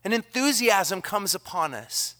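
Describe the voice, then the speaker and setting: A man delivering a sermon into a church microphone, his voice bright and a touch high for a man. He preaches with fervor, pressing words out loudly and then dropping to a hush. The delivery is earnest and lively. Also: unhurried. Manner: energetic preaching, swings from loud emphasis to hushed near-whisper. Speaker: pastor. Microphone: handheld or stand microphone.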